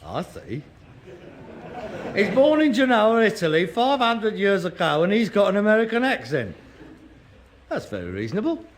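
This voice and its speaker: A man's voice: sits high, very animated, moderate pace, long pauses, a little hiss or hum. Sarky son ribbing his dad, sitcom, voice jumps all over. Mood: sarcastic. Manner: sarcastic, mocking, scornful. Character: sardonic grown son mocking his father. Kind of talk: broadcast sitcom acting.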